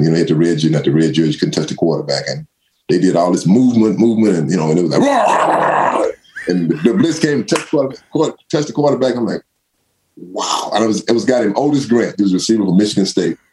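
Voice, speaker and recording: Animated deep-voiced older man telling stories. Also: quick pace, a little hiss or hum. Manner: animated, acts out quotes in raised voice, laughs often. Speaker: former pro football running back, guest. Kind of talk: casual storytelling interview.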